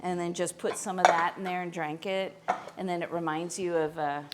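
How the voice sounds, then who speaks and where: A woman's voice: fairly low pitch, flat delivery, moderate pace, heavy background noise. A middle-aged woman from Missouri, hosting a live cooking stream in her home kitchen and chatting in a rambling way, with lots of fillers. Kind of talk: casual cooking chat.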